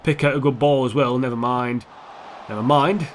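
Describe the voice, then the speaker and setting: A man's voice: mid-range voice, a little fast, a little hiss or hum. A young man giving casual, sweary, sarcastic commentary over a football video game, talking back at the players on screen. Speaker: gaming YouTuber.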